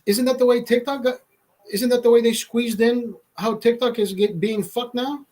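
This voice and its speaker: A high-voiced man chats on his livestream, rambling from one thought to the next. He swears freely and breaks into laughter often. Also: fairly even intonation, normal speed, darkish tone. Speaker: livestream host. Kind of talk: casual livestream chat.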